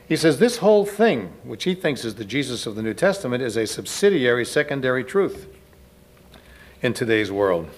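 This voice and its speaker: A man giving a spoken lecture to a live audience, conversational, often turning to ask the listeners questions. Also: mid-range voice. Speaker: lecturer speaking to a church audience.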